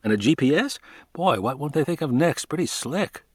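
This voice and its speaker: A man's voice: on the high side, lively intonation, normal speed, a little mellow, slightly rough, no room sound, clean studio sound, voice pushed up. A man reading an audiobook, voicing a talkative, placating male field researcher. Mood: chatty.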